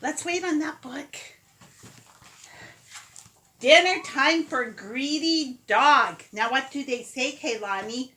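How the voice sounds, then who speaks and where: A mother reads a picture book to her little ones with a high, bright voice. She takes an unhurried pace, coaxing and playful as she gets them to repeat the sounds with her. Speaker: mother reading to her children. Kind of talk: reading a picture book aloud to toddlers.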